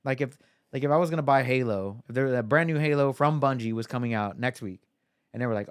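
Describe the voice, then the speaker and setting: Smooth-voiced man chatting on a podcast. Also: medium pitch, quick pace, no echo, studio quality. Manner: rambling, lots of fillers. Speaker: podcast co-host. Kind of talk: casual chat.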